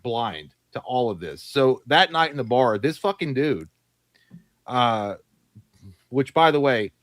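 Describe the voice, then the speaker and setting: A man of medium pitch co-hosts a live podcast, swapping profane stories in casual chat and acting out the lines he quotes with animated flair. The recording is dry, with no room sound.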